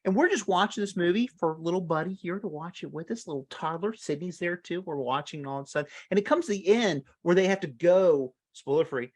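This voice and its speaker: A man's voice: a little fast, few pauses. A man in his thirties, co-hosting a casual podcast chat, telling stories with frequent laughs. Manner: animated storyteller, laughs often, big pitch swings. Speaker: co-host.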